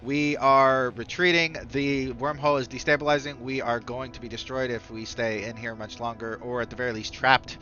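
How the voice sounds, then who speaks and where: A man's voice: mid-range voice, fairly even intonation, normal speed, few pauses, bright, forceful tone, close to an everyday voice. A man voicing a grim male alien fleet commander who gives urgent orders over an intercom, in a dull lo-fi recording.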